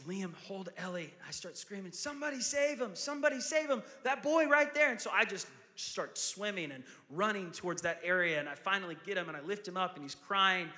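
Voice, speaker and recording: A man in his thirties preaching a sermon as pastor, telling a story and then building to loud preaching. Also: high-pitched. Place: large church auditorium. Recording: long hall reverb.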